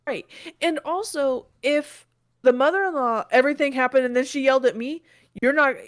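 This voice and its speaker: A woman's voice: high-pitched, normal speed, dry recording, clean studio sound. A young woman co-hosting a podcast, chatting casually and joking with lots of laughter. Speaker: podcast co-host. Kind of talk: casual chat.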